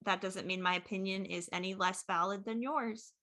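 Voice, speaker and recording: A woman co-hosting a podcast in casual chat, talking in an excited rush with many fillers. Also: medium pitch, moderate pace. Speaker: podcast co-host.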